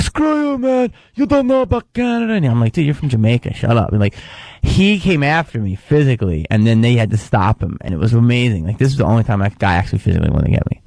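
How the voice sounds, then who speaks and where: A comedian guest tells stories in a gravelly, low voice, sometimes shouting out other people's lines. The mic is close and dry. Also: male voice, no room sound. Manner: storytelling, acts out hecklers in shouts. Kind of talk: casual talk radio interview.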